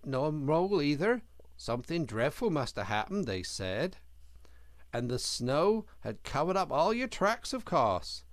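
A man voicing a hearty, cheerful male otter who tells his news in a breezy, excitable way. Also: fairly high pitch, no echo, clean studio sound, pitched above the performer's own voice.

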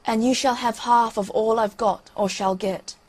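A desperate young princess from a storybook tale, pleading as the current carries her away, voiced by a woman reading the story. The voice sounds husky and breathy. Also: on the high side, steady tone, normal speed.

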